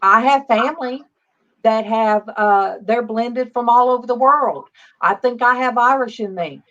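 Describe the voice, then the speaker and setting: A woman's voice: a little high, measured pace, fairly bright tone. A woman in her fifties hosting a casual faith livestream, chatty and greeting viewers by name. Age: 50s. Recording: dull lo-fi stream audio.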